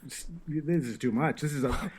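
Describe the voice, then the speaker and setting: A man's voice: a little high, normal speed, a little mellow, slightly rough. A man chatting casually on a podcast, making dry, wry remarks. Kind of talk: casual chat.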